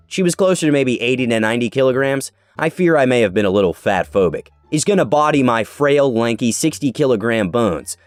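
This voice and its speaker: A man reads an online story aloud with sarcastic, animated delivery, his pitch leaping up and down through the tale. His voice sits close and dry on the mic. Soft music plays beneath him. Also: dry recording. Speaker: narrator. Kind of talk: scripted narration of an online story. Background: faint background music.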